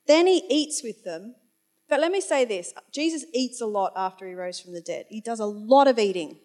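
A woman's voice: fairly high pitch, expressive, moderate pace, a little mellow. A woman preaching a conversational sermon, chatty and informal, with wry asides and the odd moment of losing her place. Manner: loses her place and corrects herself aloud.

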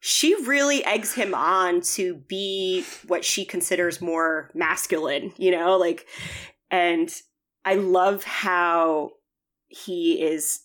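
Woman podcast co-host, lowish voice, animated, casual chat, cusses freely. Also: slow. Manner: animated, acts out quotes with laughter; swears casually.

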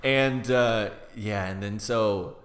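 A man's voice: on the low side, slow pace, fairly bright tone, echoey room. A man co-hosting a casual film podcast, retelling scenes with lots of acted-out quotes. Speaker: podcast co-host.

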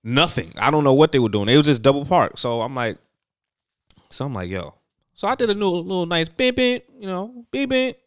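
A man's voice: on the high side, expressive, a little fast, no echo, studio quality. A young man hosting a podcast, telling stories in casual chat, loose and full of slang and fillers. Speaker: podcast host.

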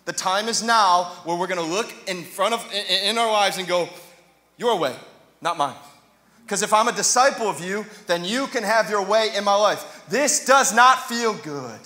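Male pastor, higher voice, chatty sermon with bursts of passion, roomy church sound. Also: normal speed, hardly any pauses, pushed and bright. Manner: conversational preaching with jokes, rising to passionate emphasis. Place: church sanctuary. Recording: echoey hall reverb.

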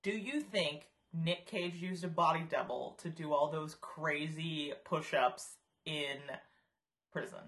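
A woman's voice: sits low, slow, fairly bright tone. Giggly woman co-hosting a chat. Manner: giggly, trails off and restarts. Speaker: podcast co-host. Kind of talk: casual chat.

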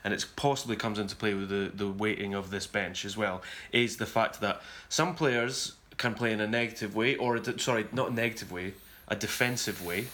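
Low-voiced man hosting a rugby chat. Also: a bit bright. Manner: measured, thoughtful, self-correcting. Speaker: rugby podcast host. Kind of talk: casual sports discussion. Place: touring abroad covering a series.

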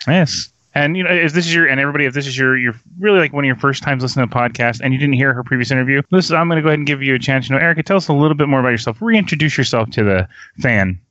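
A man's voice: mid-range voice, racing, pushed and bright, dry recording, muffled recording. A man hosting a casual podcast, joking and teasing his guests and swearing freely. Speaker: podcast host.

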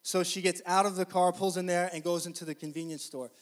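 Preaching a sermon in a notably high voice, a man talks to the congregation directly in a chatty, story-driven style and builds into loud, energetic preaching. His pace is quick.

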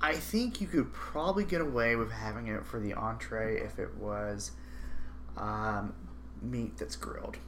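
A man's voice: lowish voice, measured pace, a bit bright, slight background noise. Easygoing man musing over wine. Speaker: podcast co-host. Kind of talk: casual chat.

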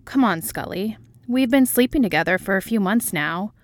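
A woman's voice: medium pitch, expressive, normal speed, no room sound, lightly acted. A woman reading the lines of a jealous, boyish man in a fan fiction audiobook, whiny and teasing with a sing-song lilt. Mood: pouty.

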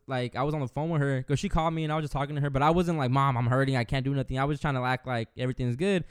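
A man's voice: fairly high pitch, smooth, dry recording, clean studio sound. A man in casual chat who tells stories vividly and acts out what his relatives said. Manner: animated storyteller, acting out relatives' words.

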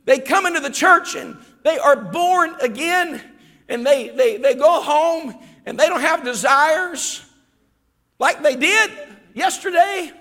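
Pastor, male, piercing bright high voice, shouting sermon, long church reverb. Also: animated, slow pace. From Ohio. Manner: fervent preaching, rising to shouts, dropping low.

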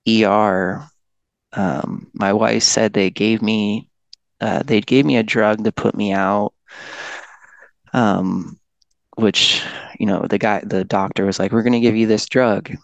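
Man, low voice, gravelly, laid-back self-deprecating storyteller. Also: fairly even intonation, slow, long pauses, dry recording, dull audio. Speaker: podcast guest. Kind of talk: casual storytelling.

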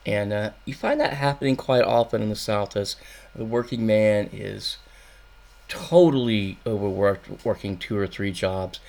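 A man's voice: lowish voice, measured pace, vocal fry, a little mellow. A man hosting a music radio show, casually rambling with dry jokes and many ums. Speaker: radio host.

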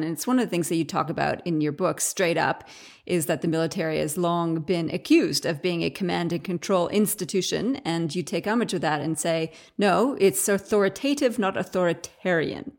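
A woman's voice: fairly low pitch, a little fast. A woman hosting a podcast interview, chatty and curious, thinking her questions through aloud. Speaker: podcast host.

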